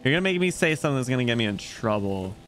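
Male streamer, mid-pitched voice, loud excitable reactions while playing, talks to chat, faint game music behind. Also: fast. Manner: excitable, exclamatory reactions, chats to viewers. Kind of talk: live gameplay commentary.

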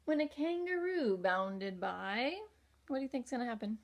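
A young woman teacher reading a picture book aloud to young children, gentle and expressive, often pausing to ask questions. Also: on the high side. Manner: gentle, slow and expressive, asking the listener questions.

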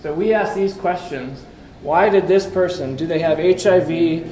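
A man's voice: fairly high pitch, normal speed, dark tone, slight background noise. A man giving a conversational lecture with slides, asking the audience questions and tossing in wry asides. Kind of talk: conference talk with slides. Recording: echoey room, faint background ambience.

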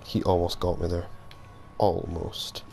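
A man's voice: sits low, little pitch movement, measured pace, creaky, a little mellow, a little hiss or hum. A tired, sleep-deprived young man giving jokey let's-play commentary, muttering and swearing to himself. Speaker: gaming commentator. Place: at home at night.

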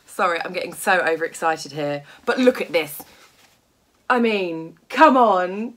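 A woman with a gushing, excitable manner who laughs often, chatting casually as a sewing vlogger. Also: on the low side, measured pace. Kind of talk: casual unboxing vlog.

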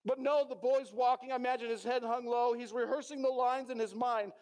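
High-voiced pastor telling a story. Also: male voice, steady tone, a little fast, a little mellow. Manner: dramatic storytelling, acting out the characters' lines. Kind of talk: sermon. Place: church.

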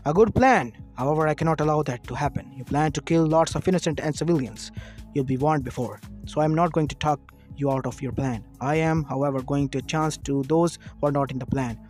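A man voicing Naruto, a calm adult male ninja sage, speaking in a measured, firm way. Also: fairly high pitch, faint music behind, lightly acted.

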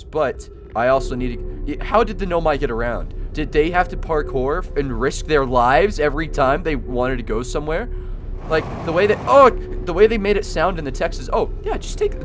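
A young man giving casual let's-play commentary, excitable and stammering over restarts, yelping when startled. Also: medium pitch. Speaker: gaming YouTuber.

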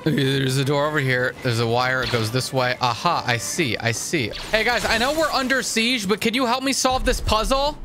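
A young man giving excitable, jokey gameplay commentary and swearing often. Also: fairly high pitch, normal speed, hardly any pauses. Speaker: gaming channel host. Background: game music and sounds.

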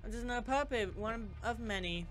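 A man's voice: very high voice, a little fast, fairly bright tone, faint music behind, pitched above the performer's own voice. A man voicing a cold, mocking villainous girl who taunts in a theatrical way. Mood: taunting.

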